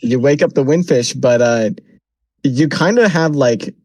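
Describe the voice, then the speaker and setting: Young male co-host, casual and animated, acts out his reactions; mid pitch, dry close mic. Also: measured pace, no room sound. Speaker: podcast co-host. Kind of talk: casual chat.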